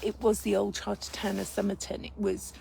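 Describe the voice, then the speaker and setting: Soft-spoken Englishwoman whispering outdoors. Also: mid-range voice, monotone, brisk, vocal fry, poor audio. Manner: soft, often drops to a whisper. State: slightly losing her voice. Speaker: healer and channel host. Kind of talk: casual live video chat. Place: outdoors under a yew tree in a churchyard. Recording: faint outdoor background noise.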